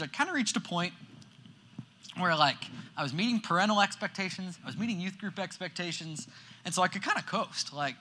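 A young man preaching a casual sermon to a youth group as youth pastor, telling stories in an animated way with lots of "like". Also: a little high. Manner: animated storytelling, heavy use of "like".

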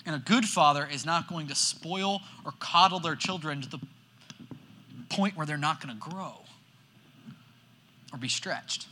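A young man preaching a casual sermon to a youth group as youth pastor, telling stories in an animated way with lots of "like". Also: a little high. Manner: animated storytelling, heavy use of "like".

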